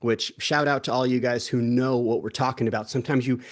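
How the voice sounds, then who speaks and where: A man's voice: medium pitch, steady tone, a little fast. An easygoing young adult man co-hosts a wellness talk. He rambles with plenty of restarts and asides and throws in playful jokes. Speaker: co-host of a wellness summit. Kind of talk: casual conversational chat.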